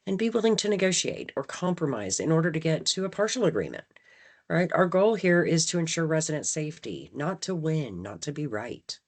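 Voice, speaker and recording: Her voice sits low and has a sing-song lilt as she moves along fairly quickly. Leading staff training, she talks in a conversational way, keeps asking "right?", and acts out lines by moving the stress around.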